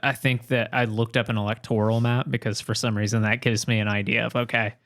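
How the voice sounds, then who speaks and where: A man's voice: medium pitch, little pitch movement, a little fast, a bit bright. Rambling young man with many fillers. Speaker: podcast co-host. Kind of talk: casual chat.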